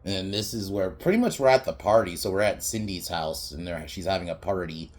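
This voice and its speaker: A man with a low, expressive, fairly quick voice hosts a podcast and casually recaps a comedy movie. He rambles, swears, laughs often, and quotes scenes in mocking voices.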